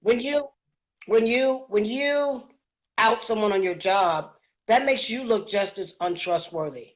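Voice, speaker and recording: A speaker in casual chat on a phone, calm and measured. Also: mid-range voice, muffled recording.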